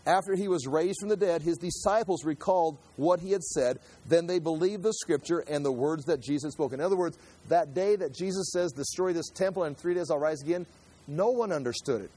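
A man's voice: fairly high pitch, a little fast, warm tone, husky. A man preaching a sermon, explaining scripture in a conversational way and acting out the people he quotes. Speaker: pastor.

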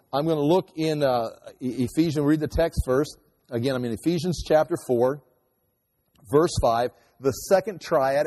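A man preaching a sermon in a conversational, animated way with quick asides. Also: fairly high pitch. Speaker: pastor. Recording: long hall reverb.

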